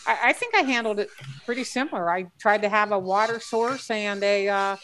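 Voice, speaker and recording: A woman's voice: medium pitch, fairly quick, fairly bright tone, slight background noise. A woman guest on a casual group chat, talking in long rambling stretches with frequent restarts and fillers. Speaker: guest treasure hunter.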